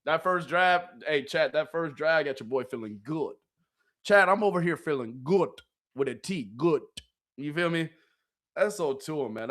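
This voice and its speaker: A man with a slightly high voice hosts a live watch party of a football game, offering excited fan commentary, laughing a lot, and constantly addressing his chat.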